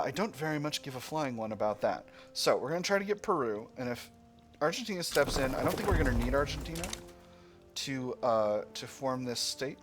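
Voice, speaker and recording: A man giving casual commentary while playing a strategy game, musing aloud with playful asides. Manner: musing, playful asides, sudden high squeals of delight. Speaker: strategy game let's-player. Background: game music.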